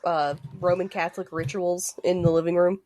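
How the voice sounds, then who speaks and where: A woman with a fairly low voice chats about a movie on a podcast. She makes wry comparisons and laughs often. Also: level tone, normal speed, mellow, no room sound. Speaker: podcast co-host. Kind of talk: casual movie recap chat.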